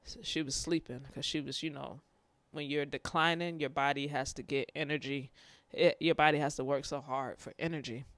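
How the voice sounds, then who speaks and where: A man's voice: a little high, fairly even intonation, fairly bright tone, no echo. Tearful man sharing his grief. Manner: emotional, halting, fighting back tears. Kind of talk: personal testimony on grief.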